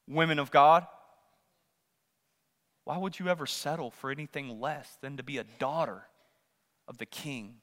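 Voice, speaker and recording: A man preaching a sermon as pastor, swinging between loud rising questions and hushed asides. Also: on the high side, normal speed, long pauses, long reverb tail. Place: church sanctuary.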